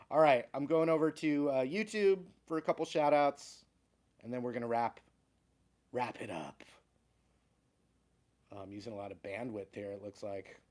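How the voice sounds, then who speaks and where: A man's voice: mid-range voice, a little mellow. A man hosting a casual livestream, reading out viewer names and chatting at an easygoing pace with small laughs. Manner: slow, easygoing, chuckles between names. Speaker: guitar teacher and livestream host.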